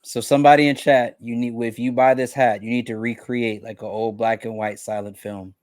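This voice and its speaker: A man co-hosting a casual product recap, relaxed and agreeable, adding short comments. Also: medium pitch, brisk, dry recording, studio quality. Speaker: co-host.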